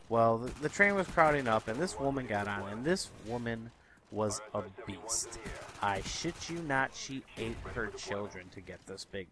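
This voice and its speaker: A young man tells his stories in a fast, animated, exasperated rant full of swearing. His voice sits a little high for a man. A faint hiss runs under the recording. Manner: profane, exasperated, animated ranting. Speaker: commentary vlogger. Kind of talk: ranting storytelling monologue. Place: Chicago area.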